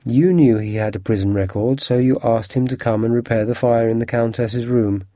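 A man reading aloud and voicing a cool, stern male detective who speaks in a measured way. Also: medium pitch, steady tone, warm tone, dry recording, clean studio sound, close to an everyday voice.

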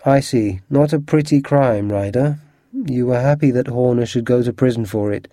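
Stern calm detective, man reading him, dark mellow tone, dry sound. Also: mid-range voice, no room sound, natural voice. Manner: measured, stern delivery. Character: cool, stern male detective, commanding.

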